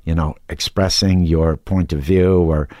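A man talking casually as an actor guest in an interview, halting, with many restarts and fillers. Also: sits low, steady tone, warm tone, dry recording, studio quality.

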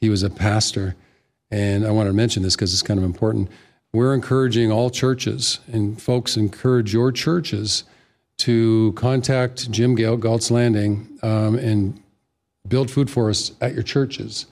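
A man's voice: lowish voice, steady tone, measured pace, darkish tone. A man appearing as a guest in a studio interview, chatting in an easygoing way and telling stories.

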